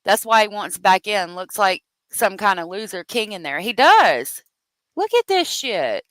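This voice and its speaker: Animated, cussing true crime host woman. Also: medium pitch, a little slow, dry recording, low-quality recording. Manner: profane, exasperated ranting. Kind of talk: unscripted true crime commentary.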